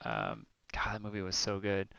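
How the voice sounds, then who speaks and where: A man's voice: low-pitched, normal speed, vocal fry, smooth, no echo, dull audio. A young man co-hosting a streamed talk show, chatting casually and rambling through stories with lots of fillers. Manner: rambling, animated storytelling with many fillers. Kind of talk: casual chat.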